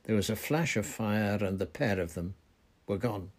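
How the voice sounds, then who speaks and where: A man reading a novel aloud in steady, deliberate narration. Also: on the low side. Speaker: reader. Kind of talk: audiobook narration.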